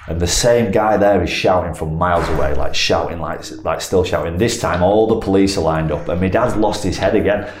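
Recorded in an echoey room with faint background noise, a male footballer guest recounts an anecdote in a low-pitched voice, fairly quick and with few pauses. His telling is casual and rambling, full of self-corrections, and turns animated during the retelling.

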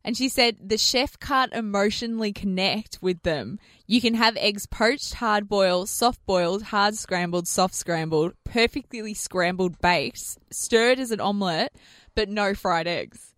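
A woman co-hosting breakfast radio, telling stories animatedly with quick asides. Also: mid-range voice, fairly bright tone, no room sound, studio quality. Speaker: radio co-host. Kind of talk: casual breakfast radio chat. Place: radio studio. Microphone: studio microphone.

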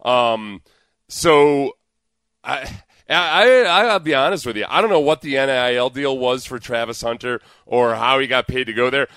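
A man co-hosting a casual sports radio show, sarcastic and animated, with frequent restarts, on a studio mic. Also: medium pitch, normal speed, clear, resonant tone, no room sound. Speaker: sports talk show co-host.

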